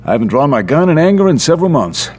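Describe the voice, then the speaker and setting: An actor playing a courtly, genteel gambler who runs a saloon and sprinkles in French words. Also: male voice, on the high side, sing-song, fast talker, a little mellow, slight background noise. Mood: polished, amused. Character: suave older male gambler, saloon owner, genteel. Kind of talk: audio drama acting.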